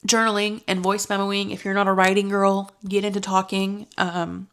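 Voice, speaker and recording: A woman's voice: mid-range voice, little pitch movement, moderate pace, a bit bright, smooth. A young woman vlogging to camera in a casual, confessional way. She is chatty and earnest, and now and then gets emotional and laughs it off. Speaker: lifestyle vlogger.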